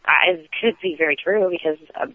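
A man's voice: fairly high pitch, brisk, no echo. A man, a radio show guest calling in, rambling through a story with many restarts. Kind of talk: casual storytelling on a call-in. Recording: tinny phone line.

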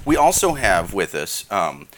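A man's voice: low voice, very animated, unhurried, a crowd in the background, poor audio. A man co-hosting a casual podcast, rambling, stammering and swearing freely. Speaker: podcast co-host. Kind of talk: casual chat.

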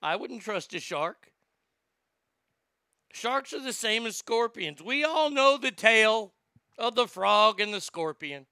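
Bright, gravelly man ranting profanely. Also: sits high, animated, takes it slowly, pauses often, no room sound. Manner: profane, blustering, stammers when worked up. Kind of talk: comedic rant.

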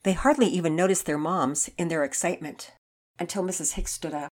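A woman narrating a children's story in an expressive reading voice. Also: fairly low pitch, a little fast.

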